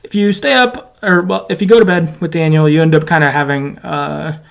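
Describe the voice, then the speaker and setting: A man's voice: a little high, fairly even intonation, fairly quick, vocal fry. A man co-hosting a podcast, recapping a story game in casual, rambling chat with lots of fillers. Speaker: podcast co-host.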